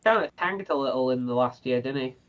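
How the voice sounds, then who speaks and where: A man's voice: medium pitch, a little fast, a bit bright. A man of twenty co-hosting a podcast, joking and swearing through casual banter. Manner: jokey, swears, boastful banter. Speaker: podcast co-host. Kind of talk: casual chat. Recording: slightly dull lo-fi mic.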